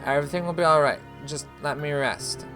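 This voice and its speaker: A man voicing a drugged young rock singer, slow and slurring. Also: medium pitch, lively intonation, music in the background. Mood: weak, slurring. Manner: slow, weak, slurred speech.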